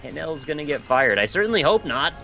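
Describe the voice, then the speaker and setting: Teasing man with a lively voice. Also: a little high, brisk, vocal fry, soft background music. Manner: teasing, goofy suggestions. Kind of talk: casual chat.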